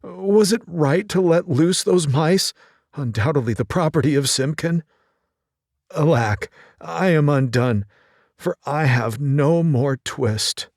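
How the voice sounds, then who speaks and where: Storybook figure: an anxious, ailing old tailor voiced by a male narrator, high, quavering, self-muttering lament. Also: takes it slowly, a little mellow, no echo, studio quality. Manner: anxious, lamenting, talking to himself. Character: poor, fretful old male tailor, ill.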